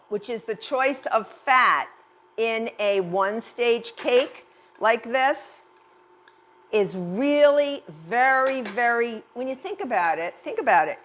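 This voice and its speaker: A woman's voice: on the high side, a little hiss or hum. A middle-aged woman chef giving a cooking demonstration, chatty and reassuring, often repeating words for emphasis.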